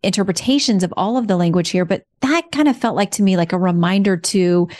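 A woman's voice: mid-range voice, fairly quick, a little mellow. A middle-aged woman hosting a podcast, reading passages aloud and reflecting on them with light humor. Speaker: podcast host. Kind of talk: conversational podcast interview.

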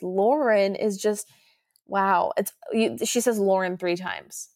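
A young woman co-hosting a podcast in casual chat, animated and playfully dramatic. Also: mid-range voice, takes it slowly, no room sound, studio quality. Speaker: podcast co-host.

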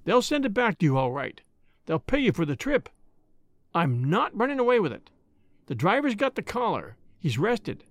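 A man voicing a desperate young boy who drives a cab, his voice shrill and breaking into sobs. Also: huge pitch swings, moderate pace, no echo, studio quality, full character voice. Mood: frantic. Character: frantic young male cab-driving boy.

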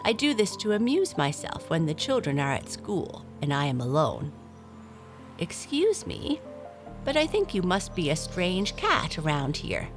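A woman's voice: fairly low pitch, huge pitch swings, a little slow. A woman voicing a curious young female black cat in a storybook, asking eager, wide-eyed questions. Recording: clear music behind voice.

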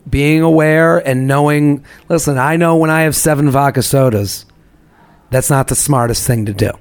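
Man, podcast co-host, casual chat, blunt and a bit profane, gravelly fry, slightly high pitch. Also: moderate pace. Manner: blunt and profane, with frequent restarts.

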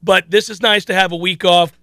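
Man, sports talk host, high gravelly voice, bright and forceful, dry close sound, chatty, lots of restarts. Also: a little fast, no room sound. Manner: animated, chatty, frequent restarts. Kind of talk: casual sports talk commentary.

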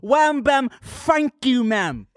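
A man's voice: extremely high pitch, very animated, slow pace, clear, resonant tone, no room sound, clean studio sound, pitched above the performer's own voice, exaggerated voice. A man putting on the voice of a cocky young British lad who brags in heavy slang. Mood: boastful. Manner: boastful slang-heavy swagger.

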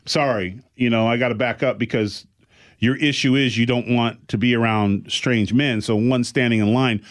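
A man's voice: medium pitch, moderate pace. Middle-aged male co-host, conversational storyteller with a mid-range voice. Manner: animated storyteller, acts out quoted voices. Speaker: podcast co-host. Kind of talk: casual chat.

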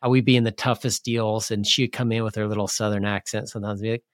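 A man's voice: on the low side, fairly even intonation, fast, no echo, clean studio sound. A man co-hosting a podcast, chatty and telling stories casually. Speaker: podcast co-host.

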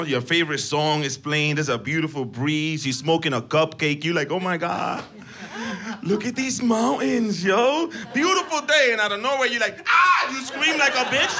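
A man doing a profane, animated stand-up routine on a club stage, acting out scenes with sudden yelps and shouts. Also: very high voice. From Latino, in Los Angeles. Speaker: stand-up comedian. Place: comedy club stage with audience. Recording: noisy live club recording with laughter.

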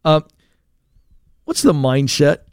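A man's voice: a little high, sing-song, slow, clean tone, no room sound, clean studio sound. A man co-hosting a call-in radio show, talking casually with fillers and restarts as he reads from a list. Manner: conversational, frequent fillers and restarts.

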